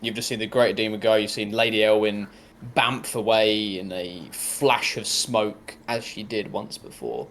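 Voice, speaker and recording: Guy gm with a low gravelly voice, um-ing and like-ing thru the scene, bit of hiss. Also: steady tone, moderate pace, a bit bright. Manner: rambling, full of ums and likes. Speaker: game master. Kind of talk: narrating a tabletop game.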